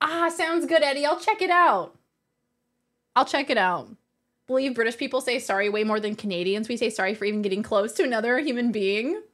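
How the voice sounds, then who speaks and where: A woman's voice: on the high side, expressive, fairly quick, a bit bright. A woman livestreamer in casual chat, reading her viewers' messages aloud and laughing often.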